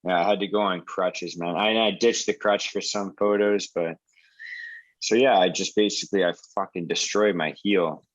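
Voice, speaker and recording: A man's voice: low voice, fairly even intonation, normal speed, no room sound, lo-fi sound. A man in his twenties telling a story over a video call in a casual, rambling way, full of swearing and filler words. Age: 20s. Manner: rambling, profane, lots of "like" and "dude". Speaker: support group host.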